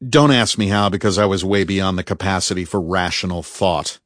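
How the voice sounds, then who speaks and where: A man reading a first-person story aloud in a measured, tense storytelling manner, close to the microphone. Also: low-pitched, a bit bright, no echo. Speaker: audiobook narrator. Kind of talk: first-person fiction narration.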